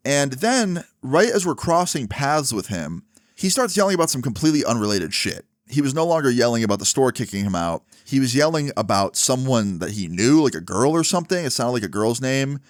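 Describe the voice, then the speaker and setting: A man's voice: medium pitch, big pitch swings, a little fast, no room sound, clean studio sound. A young man telling a personal story casually, dropping "like" and "right?" often. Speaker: vlogger. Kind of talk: storytime monologue.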